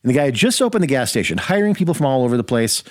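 A man's voice: mid-range voice, very fast, dry recording, studio quality. A man guest-hosting a casual talk show, telling a long story and acting out the voices of the people in it. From rural Minnesota. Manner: animated storyteller acting out quotes. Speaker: guest host.

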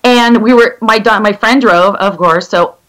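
Rambling, animated middle-aged woman guest. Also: mid-range voice, measured pace, poor audio. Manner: rambling, animated, many restarts. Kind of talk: conversational storytelling.

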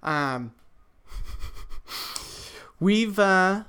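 Male game master, relaxed and chuckly, fairly high voice, drawn-out scene narration. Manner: easygoing, chuckles often, slows down for scene narration.

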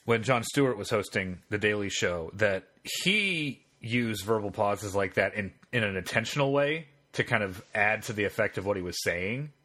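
A man's voice: on the low side, expressive, normal speed, hardly any pauses, sharp tone. A man co-hosting a podcast, telling long rambling anecdotes in casual chat. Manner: rambling storyteller with frequent fillers and restarts. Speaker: podcast co-host.

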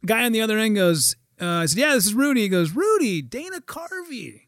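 Male storyteller, high and very lively pitch, casual and profane, dry close recording. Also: fast talker, dry recording. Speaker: guest.

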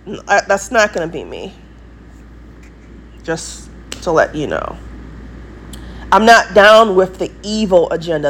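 A woman's voice: mid-range voice, animated, normal speed. A woman with an English accent talks in a rambling monologue to her viewers, emphatic and repeating herself for stress. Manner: emphatic, repetitive, insistent. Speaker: vlogger.

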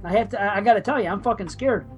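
A man co-hosting a podcast who rambles in a frantic, cursing rush. His voice sits a bit high for a man. Faint music runs underneath. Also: very fast, dull audio. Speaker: podcast co-host. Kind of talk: casual horror podcast banter.

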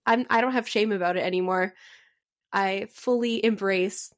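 A woman's voice: mid-range voice, steady tone, moderate pace. A woman co-hosting a podcast from Canada, talking earnestly and emotionally in a rambling way, full of "like"s. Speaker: podcast co-host. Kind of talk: casual chat.

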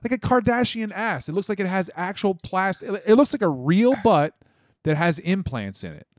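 A man's voice: sits high, big pitch swings, normal speed, no echo, studio quality. A man hosting a casual chat, mocking a clip with crude banter and laughter. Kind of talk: casual chat reacting to clips.

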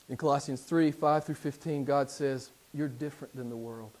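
A middle-aged man preaching a sermon to his congregation in a church, dropping into hushed low passages and rising to loud, emphatic declarations. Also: fairly even intonation, fairly quick, few pauses, a little hiss or hum. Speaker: pastor. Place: church sanctuary.

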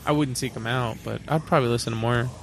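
A man's voice: medium pitch, steady tone, soft background music. Wisecracking man on a podcast. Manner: wisecracking, quick puns. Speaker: podcast co-host. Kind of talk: casual podcast chat.

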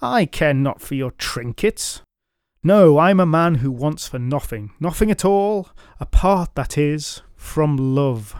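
A man voicing a boastful, lecherous, drunken knight, all loud blustering bravado. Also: on the high side, lively intonation, takes it slowly, clean tone, no room sound.

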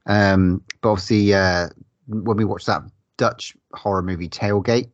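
A man's voice: fairly low pitch, steady tone, measured pace, no echo, dull audio. A man co-hosting a casual podcast, enthusiastic and laughing with casual swearing. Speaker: podcast co-host. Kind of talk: casual chat.

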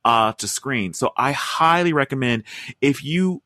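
Dry-sounding man, halting casual chat. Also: medium pitch, lively intonation, sharp tone, no echo. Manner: hesitant, many fillers and restarts. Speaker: podcast host.

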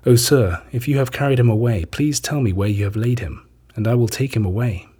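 A man's voice: medium pitch, mellow, breathy edge, lightly acted. A man reading a grieving Mary of Magdala. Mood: pleading. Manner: measured, solemn reading.

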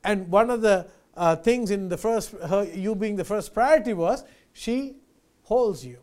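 A man's voice: high-pitched, measured pace, a little mellow. A male pastor preaching a sermon, earnest and emphatic, repeating key phrases and addressing listeners as friends.

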